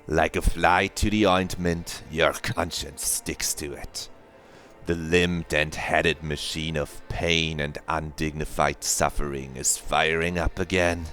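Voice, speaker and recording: A man voicing a slow, hushed, brooding primal inner voice as he reads a game's narration aloud. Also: rumbling low, fairly even intonation, soft background music, exaggerated voice. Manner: slow, hushed, solemn reading.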